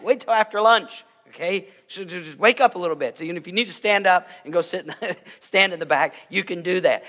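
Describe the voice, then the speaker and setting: A man's voice: high voice, pushed and bright, big-room sound. A male pastor preaching an emphatic sermon in a church, building intensity with joking asides.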